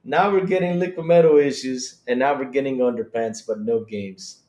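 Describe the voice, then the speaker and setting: A man's voice: medium pitch, normal speed. Giggly, swearing man streaming in a roomy space. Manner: giggly, swearing, breaks into laughter constantly; talks to chat directly, animated and excitable. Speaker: streamer host. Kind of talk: casual live-stream reaction chat. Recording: roomy echo.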